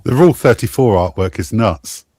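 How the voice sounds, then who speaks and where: Man, low voice, deadpan, crude quips, dry sound. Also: normal speed, dry recording. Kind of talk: casual crude banter.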